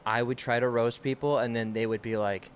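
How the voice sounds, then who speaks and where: A man's voice: mid-range voice, fairly even intonation, slight background noise. A young man telling stories on a casual comedy podcast, laughing often and acting out the people he quotes. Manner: giggly storyteller, quick to laugh, acts out quoted voices.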